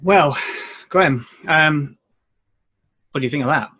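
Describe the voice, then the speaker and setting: A man's voice: on the high side, measured pace, breathy edge, muffled recording. A man co-hosting a casual chat show, rambling with lots of fillers. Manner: rambling, filler-heavy, lively intonation. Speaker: co-host.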